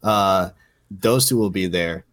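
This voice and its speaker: Young man, very low voice, podcast co-host, rambling, filler words, dry sound. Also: slow pace, a bit bright, no room sound. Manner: rambling, frequent fillers, blunt swearing. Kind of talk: casual podcast chat.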